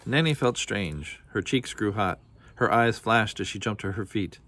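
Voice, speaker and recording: Man, children's storybook reader, lowish voice, expressive narration. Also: moderate pace. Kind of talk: children's storybook read-aloud.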